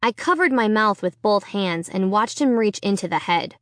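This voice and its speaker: A woman reading a children's horror novel aloud, with expressive storytelling. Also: medium pitch, normal speed, no room sound, studio quality. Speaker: audiobook reader. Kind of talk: scripted narration.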